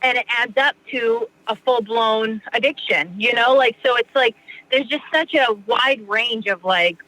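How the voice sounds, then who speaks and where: Woman guest, casual and rambling, bright voice, dry mic. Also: a little high, measured pace, no echo, low-quality recording. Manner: rambling, heavy use of "like" and "you know". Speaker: podcast guest. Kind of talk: casual conversation.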